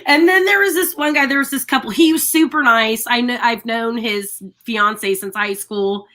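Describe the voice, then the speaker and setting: A woman co-hosting a live talk show, telling animated stories in casual chat and laughing often. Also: fairly high pitch, normal speed. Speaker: radio show co-host.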